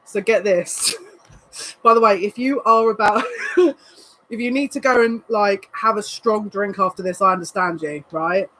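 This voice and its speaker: Psychic lady doing a live tarot reading, gets all worked up and emotional, mid pitch. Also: measured pace, noisy background. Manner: excitable, emotional, breathless asides. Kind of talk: live card reading to viewers.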